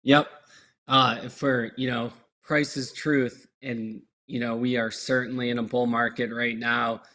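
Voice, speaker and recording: A young man giving a steady, matter-of-fact market overview on a podcast. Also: medium pitch, measured pace. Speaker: market analyst.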